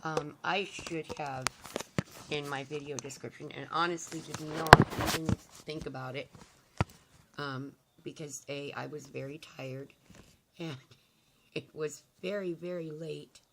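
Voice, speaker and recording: An older woman vlogging to camera, hoarse and raspy from losing her voice, talking in a rambling, heartfelt way with hesitant fillers. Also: low voice, steady tone, a little slow, heavy background noise. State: hoarse, nearly lost voice. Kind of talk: casual to-camera chat.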